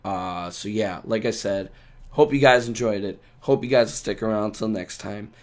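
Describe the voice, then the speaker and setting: Man with a hoarse sick voice. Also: on the low side, normal speed. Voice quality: rough sick voice. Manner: rambling, loose and joking. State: hoarse from a cold. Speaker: podcast co-host. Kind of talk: casual podcast chat.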